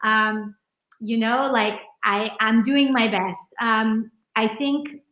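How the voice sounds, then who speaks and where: A woman's voice: on the high side, fairly even intonation, slow, fairly bright tone, reverberant. A middle-aged woman talking earnestly in an interview, rambling with many fillers from her home. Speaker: interview guest. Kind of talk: casual conversational interview. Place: room at home.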